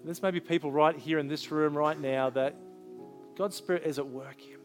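A man speaking as a pastor, earnestly leading an altar call and prayer in a church sanctuary, with soft drawn-out pauses. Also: a little high, steady tone, faint music behind.

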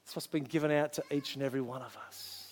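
A man speaking as a pastor, earnestly leading an altar call and prayer in a church sanctuary, with soft drawn-out pauses. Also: mid-range voice, steady tone.

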